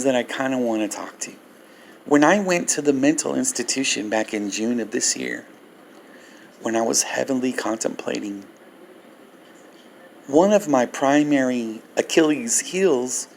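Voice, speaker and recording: An older man telling a personal story in a vlog, animated and laughing as he goes. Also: medium pitch, creaky, a little hiss or hum. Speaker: Christian ministry vlogger.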